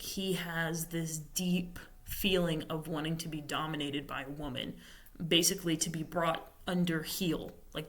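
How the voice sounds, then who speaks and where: On a podcast, a young woman with a lowish, slightly bright voice casually recaps a novel's plot. Her retelling rambles, full of fillers and self-corrections.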